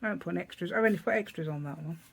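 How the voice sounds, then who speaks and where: A middle-aged woman with an East Midlands accent talks through a crafting tutorial in a loose, rambling way, tagging her remarks with little questions. Her voice sits low and gravelly. A faint hiss of the room runs behind her. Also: very fast, rough recording. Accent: East Midlands English. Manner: chatty, rambling, asks tag questions, laughs often. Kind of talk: casual crafting tutorial chat.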